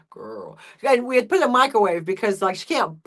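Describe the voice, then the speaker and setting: A woman chatting casually as a guest, telling stories and voicing her pets and neighbors. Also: a little high. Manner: chatty storyteller, acts out pets and people in hushed voices. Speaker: guest friend. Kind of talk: casual live chat.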